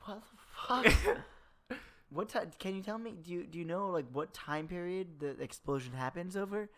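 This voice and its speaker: Brief: playful guy contestant, lively swinging voice, a bit high. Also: moderate pace. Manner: playful, reactive, swears, laughs a lot. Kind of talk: casual chat.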